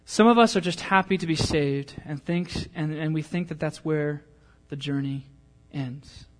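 With a fairly high pitch and a measured pace, a pastor preaches, moving from a casual, funny story to a soft and earnest call to his congregation.

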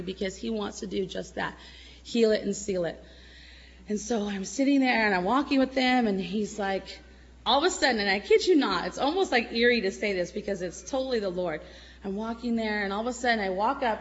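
A middle-aged woman giving an emotional church testimony, at times tearful, swinging between loud exclamations and soft murmurs. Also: on the high side, expressive, fast talker, lo-fi sound.

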